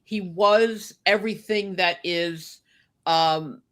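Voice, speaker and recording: A woman telling a personal story with deep feeling, choked up, with lots of "you know" and "like". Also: slow, fairly bright tone. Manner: heartfelt, many fillers like "you know" and "like". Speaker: guest recalling a friend.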